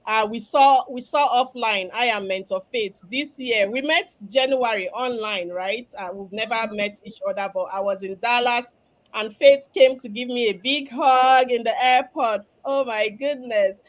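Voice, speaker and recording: A woman's voice: on the high side, a little slow. A Nigerian woman hosting a live video stream, upbeat and promotional, talking through a cough. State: has a cough. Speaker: host, business mentor. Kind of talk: live stream panel chat.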